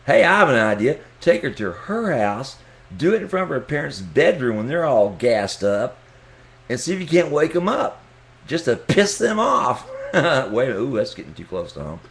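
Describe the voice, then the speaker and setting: Middle-aged guy, casual vlogger, crude joker, lively pitch. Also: normal speed, gravelly, slight background noise. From Texas, US. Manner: joking, crude, chuckling to himself. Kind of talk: casual rambling monologue.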